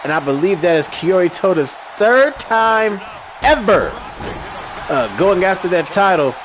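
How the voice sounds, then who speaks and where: A high-pitched man in his thirties, with big pitch swings and a measured pace, riffs casually on a wrestling stream. He jokes, curses, sings and responds to chat while background noise runs underneath.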